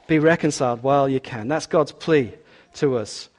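Speaking at a moderate pace in a medium-pitched, slightly mellow voice, a man preaches in a church. He stays emphatic, keeps repeating key words, and talks back and forth with the congregation.

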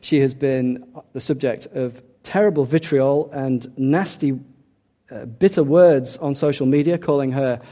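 A man preaching a sermon, emphatic, dropping soft and then rising loud for key points. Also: medium pitch, a little slow.

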